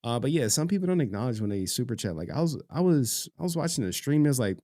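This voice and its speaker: A man's voice: medium pitch, very animated, quick pace, few pauses, darkish tone, no echo, studio quality. A man hosting a livestream, chatting loosely with his audience, swearing and getting emotional as he reads their messages. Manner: loose, profane, emotional, reads chat aloud. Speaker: livestream host. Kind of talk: casual livestream chat.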